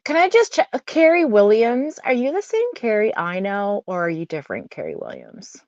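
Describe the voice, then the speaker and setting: A woman's voice: medium pitch, very animated, normal speed, darkish tone, no echo. A woman chatting casually as a guest on a livestream, giggly and teasing. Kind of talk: casual chat. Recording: dull, dry muffled call audio.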